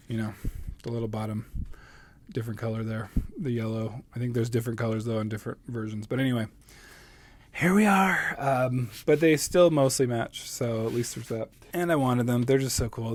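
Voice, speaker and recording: A man in his thirties, chatty and excitable, casually showing off new books and laughing often. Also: mid-range voice. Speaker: book video host. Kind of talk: casual book haul vlog.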